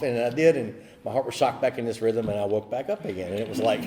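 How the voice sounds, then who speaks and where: A man's voice: medium pitch, fast, few pauses, noisy background. A man telling his recovery story at a meeting, rambling with many fillers and restarts. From USA. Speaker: AA speaker. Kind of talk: personal recovery talk.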